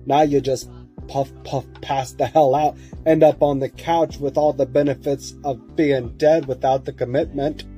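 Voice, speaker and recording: Mellow deadpan stand-up man. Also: mid-range voice, a little slow, soft background music. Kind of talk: stand-up comedy bit.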